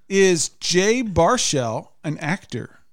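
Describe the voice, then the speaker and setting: A man's voice: high voice, a little hiss or hum. A man hosting a podcast and running a quiz game for his guests, joking and laughing between questions. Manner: playful, laughing quiz-master. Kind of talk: casual studio banter.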